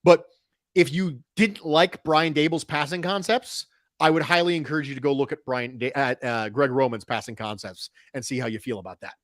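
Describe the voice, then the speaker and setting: A man's voice: medium pitch, normal speed, fairly bright tone, dry recording, studio quality. A man talking football on a podcast, emphatic and analytical, often repeating a point for stress. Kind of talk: casual sports podcast talk.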